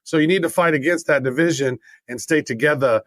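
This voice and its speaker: A man's voice: on the high side, brisk, fairly bright tone, no room sound. A man co-hosting a podcast, chatting in an easygoing, rambling way. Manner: rambling, easygoing, with playful mock voices. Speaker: podcast co-host. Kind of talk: casual podcast banter.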